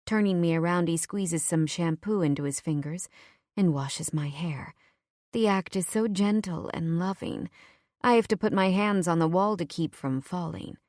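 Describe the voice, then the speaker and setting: A woman narrating a first-person romance audiobook in a soft, intimate, measured voice on a close mic. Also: fairly low pitch, dry recording.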